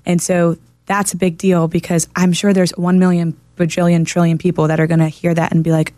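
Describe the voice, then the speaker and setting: A woman counselor in casual podcast chat, an animated and earnest storyteller. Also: fairly low pitch, brisk, few pauses, no echo.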